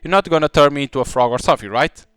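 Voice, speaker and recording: A man's voice: on the high side, very fast, fairly bright tone, clear, resonant tone, no echo, close to an everyday voice. A man voicing a whiny young girl. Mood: worried. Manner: whiny, pleading.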